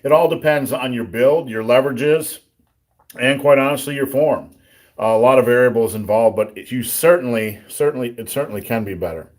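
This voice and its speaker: A man hosting a live Q&A on strength training, blunt and joking, talking through a sore throat and clearing it often. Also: mid-range voice, fairly quick. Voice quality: throat-clearing, a bit rough. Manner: blunt, joking, plainspoken coaching. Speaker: livestream host answering viewer questions.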